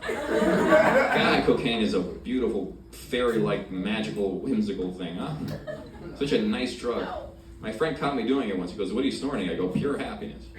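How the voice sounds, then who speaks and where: A male stand-up comedian working a club crowd with crude, brash material, his delivery jumping between loud punchlines and low mumbled asides. The sound is roomy and distant, with heavy audience noise underneath. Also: sing-song, unhurried.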